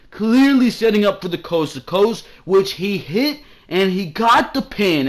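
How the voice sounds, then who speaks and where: A man's voice: sits high, poor audio. A man hosting a wrestling review from home, talking casually and sounding exasperated, with frequent swearing. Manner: animated and exasperated, swears freely.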